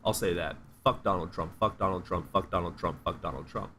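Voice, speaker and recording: A man's voice: low-pitched, fairly quick, noisy background. A man hosting a casual livestream chat, blunt and joking, swearing freely. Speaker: livestream host.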